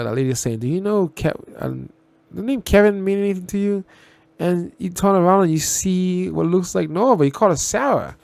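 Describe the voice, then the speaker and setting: Gravelly man rambling through a TV reaction. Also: mid-range voice, no echo. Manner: rambling, restarts and repeats himself, blunt with swearing. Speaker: reaction video host. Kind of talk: casual spoken TV reaction.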